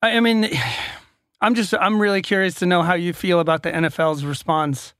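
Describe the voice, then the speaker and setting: A man's voice: sits high, fairly even intonation, normal speed, a bit bright, no room sound, clean studio sound. A man co-hosting a casual talk show, asking questions and often repeating words as he gathers his thoughts. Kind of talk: casual chat.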